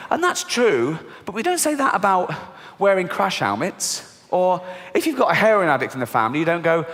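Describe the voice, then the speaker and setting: A middle-aged man with an English accent doing a stand-up comedy set, swearing and mocking, acting out voices with big jumps in pitch. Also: big pitch swings, a little fast, few pauses, a bit bright. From England. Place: large theatre stage before a laughing audience. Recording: live hall with long reverb.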